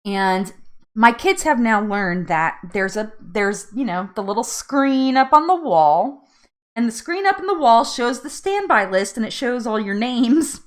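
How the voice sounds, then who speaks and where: A woman's voice: fairly high pitch, lively intonation, measured pace. A woman hosting a live weight loss chat, telling a story casually, laughing often and acting out her own pleas.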